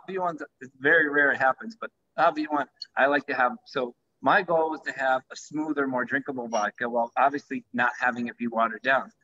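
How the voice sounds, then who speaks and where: Bright-voiced man, enthusiastic pitch. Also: a little hiss or hum. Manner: enthusiastic, pitching his product. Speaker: vodka company founder. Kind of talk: live-streamed conversation. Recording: dull lo-fi livestream audio.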